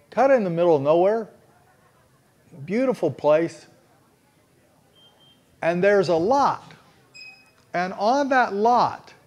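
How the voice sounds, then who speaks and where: A man preaching a storytelling sermon in a folksy, earnest way, with frequent restarts. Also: sits high.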